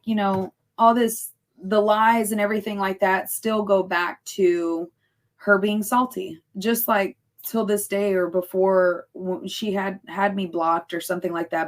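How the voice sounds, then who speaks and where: A woman in her thirties, a podcast guest, chatting casually and laughing often as she retells what others said to her. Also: medium pitch. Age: 30s. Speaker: podcast guest, fighter and cake baker.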